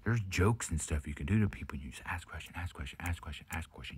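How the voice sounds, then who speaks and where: A man ranting to camera in a heated, profane vlog, often dropping into a hushed half-whisper. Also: deep voice, fast talker, few pauses, husky. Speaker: vlogger. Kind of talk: casual profane rant to camera.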